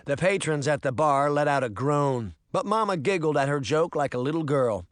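A man's voice: a little high, normal speed, dry recording, studio quality. A man reading a storybook aloud, shifting his voice for each character. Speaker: audiobook narrator.

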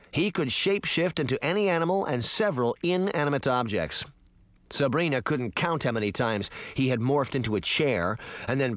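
A man narrating a children's novel in an expressive storytelling manner, voicing each character. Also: medium pitch, no echo. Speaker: audiobook narrator. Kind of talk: scripted narration.

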